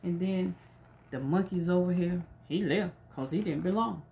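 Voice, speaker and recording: A woman reading a storybook aloud to children, pausing to ask them coaxing, leading questions about feelings. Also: lowish voice, gravelly, mellow, slight background noise.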